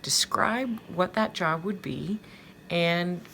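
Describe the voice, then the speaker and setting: A woman's voice: on the low side, slow pace, vocal fry, a bit bright, a little hiss or hum. A woman reading a children's novel aloud chapter by chapter, as a teacher for her students. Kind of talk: storybook read-aloud.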